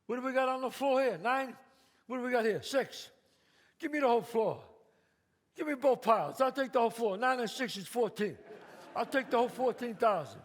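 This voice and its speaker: A man playing a loud, bossy, profane mob boss in a one-man stage show. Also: very high voice, expressive, brisk. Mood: commanding. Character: brash swaggering mob boss man, middle-aged. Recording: live stage, long reverb, faint ambience.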